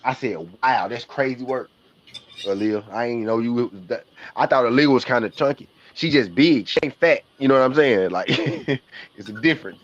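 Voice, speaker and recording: A man's voice: mid-range voice, moderate pace, a little hiss or hum. A man with a Southern US accent, casually joking and trash-talking as he hosts a live basketball watch party stream. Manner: joking, trash-talking, slangy, laughs often. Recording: dull lo-fi stream audio.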